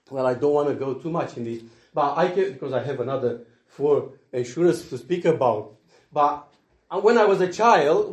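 An earnest man delivers a sermon, his voice sitting a little high. He swings between loud, emphatic lines and soft, hushed asides. The sound carries the echo of a roomy space. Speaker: preacher. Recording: echoey room.

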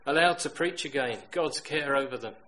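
A middle-aged man preaching a sermon, telling stories that swing from loud emphatic bursts to hushed quiet lines. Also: mid-range voice, normal speed, low-quality recording.

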